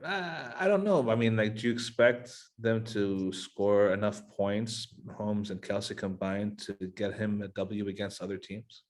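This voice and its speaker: A man's voice: on the low side, unhurried, hardly any pauses, a little mellow. A man hosting a casual fantasy football podcast, asking his cohosts questions in a playful, joking way. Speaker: podcast host.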